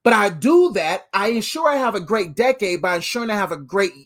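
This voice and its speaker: A man in his thirties delivers a motivational talk in a fairly high voice. He drives each point home through repetition with a preacher-like cadence. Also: animated, fairly quick, a bit bright. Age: 30s. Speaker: motivational speaker.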